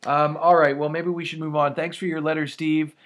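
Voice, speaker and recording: A man's voice: fairly high pitch, little pitch movement, brisk, a bit bright. A man co-hosting a comedy podcast, chatting casually and reading out follow-up news with frequent chuckles. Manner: rambling, chuckly, reads out news items. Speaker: podcast co-host.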